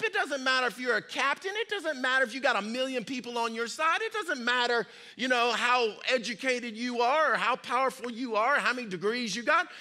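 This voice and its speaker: A male pastor delivers a sermon in a folksy, chatty way, circling back to repeat his points. His voice sits high and rings bright and tense. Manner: folksy, repetitive, conversational preaching. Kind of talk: sermon with storytelling.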